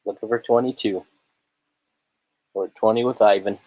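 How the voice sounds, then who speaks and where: A low-voiced man with a husky, slightly breathy tone calls auction bids in a quick, steady patter and tosses in joking asides. The sound is dry and close, with no room around it. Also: dry recording, low-quality recording. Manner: rapid steady bid calling with joking asides. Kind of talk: live auction bid calling.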